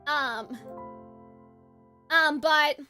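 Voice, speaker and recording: A woman's voice: high voice, very slow, sharp tone, faint music behind. A woman streamer in casual live-stream chat, talking in a rambling, chatty way and often correcting herself.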